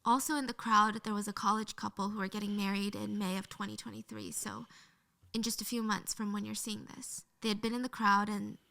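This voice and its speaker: A woman's voice: mid-range voice, flat delivery, a little fast, gravelly, sharp tone. A woman narrating a true crime story in an earnest, emotional way, played from her original video.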